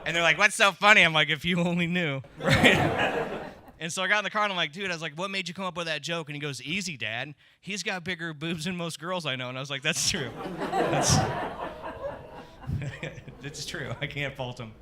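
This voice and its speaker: A man's voice: fairly high pitch, normal speed, bright, forceful tone. A middle-aged man doing a crude, rambling stand-up set on a comedy club stage, talking into a handheld mic.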